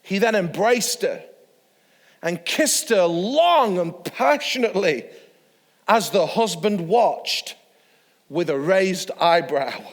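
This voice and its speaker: A man with a fairly high voice leads an online church sermon and tells a story with easy chuckles. His voice carries a long, ringing reverb. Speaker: pastor.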